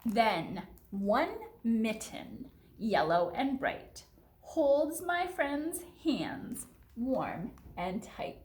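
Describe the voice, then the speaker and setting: A woman reading picture books aloud to young children at a library storytime, seated indoors, in an animated, sing-song way. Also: fairly high pitch, extremely slow, reverberant, a little hiss or hum. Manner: animated, sing-song and expressive, talking to kids. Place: indoor room, seated in a chair.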